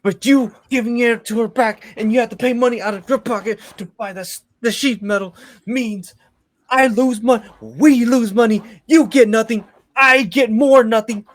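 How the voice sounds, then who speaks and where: A man voicing a temperamental male quest-giver who swings between angry outbursts and low, grudging mutters. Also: normal speed.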